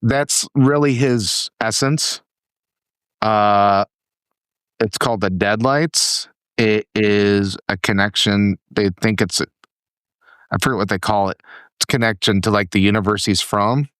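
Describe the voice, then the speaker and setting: A man's voice: on the low side, unhurried, fairly bright tone, clean tone, no echo. Emphatic, fired-up podcast host man. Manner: emphatic, blunt, swears freely. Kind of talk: casual chat.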